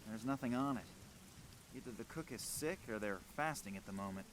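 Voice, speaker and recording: A man's voice: medium pitch, animated, a little fast, noisy background, natural voice. A man voicing dry sarcastic Max. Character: wry young male adventurer, Max. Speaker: game protagonist.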